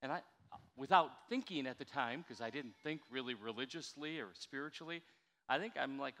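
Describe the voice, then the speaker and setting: An older man preaching a sermon in a church, chatty and animated, coaxing his congregation to answer back. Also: medium pitch, normal speed. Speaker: pastor. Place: church sanctuary. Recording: reverberant church hall.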